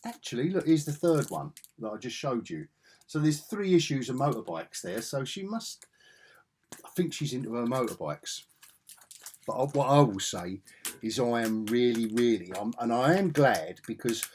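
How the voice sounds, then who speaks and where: A man's voice: mid-range voice, a little mellow, husky. A middle-aged man vlogging a casual, rambling comic book review in a chatty, self-interrupting way.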